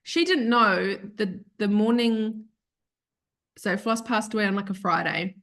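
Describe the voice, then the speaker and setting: A woman's voice: mid-range voice, a little slow, a bit bright. A woman, a podcast guest, telling a heartfelt personal story in a rambling, self-correcting way that turns tearful at times. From Australia.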